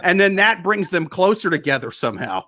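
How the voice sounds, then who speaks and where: Guy on a comedy podcast, high bright voice, riffing silly scenarios. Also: big pitch swings, fairly quick. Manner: joking, builds absurd scenarios. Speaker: comedian guest. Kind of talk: casual podcast chat.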